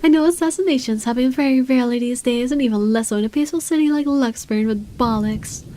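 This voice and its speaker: A woman's voice: sits high, fast, dark tone, slight background noise, close to an everyday voice. A woman reading a visual novel aloud as an irritable wealthy man with guards, in dry, sardonic first-person narration. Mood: wary.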